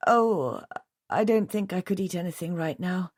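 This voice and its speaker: A woman's voice: on the low side, moderate pace, a little mellow, no echo, studio quality, natural voice. A woman voicing a distraught middle-aged widow, her voice pleading, teary and strained as it rises.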